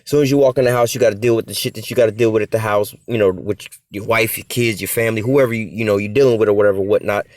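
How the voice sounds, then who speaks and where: A man's voice: on the low side, steady tone, rapid-fire, hardly any pauses, a little mellow, no room sound. A man preaching informally on scripture, in blunt, casual street talk, often tagging "man" and "whatever, whatnot.". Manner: blunt, swears in passing. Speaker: preacher of a religious group.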